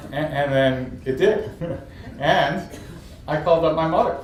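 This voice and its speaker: A man's voice: fairly high pitch, slow, background noise. A man from New York, telling funny stories as an entrepreneur guest. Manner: lively, humorous storyteller. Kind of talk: storytelling interview. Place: event stage. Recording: echoey room from a distance, faint ambience.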